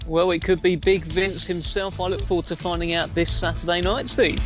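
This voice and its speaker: A man's voice: sits high, steady tone, moderate pace, music in the background. A man hosting a casual boxing podcast, jokey and upbeat, teasing his co-host.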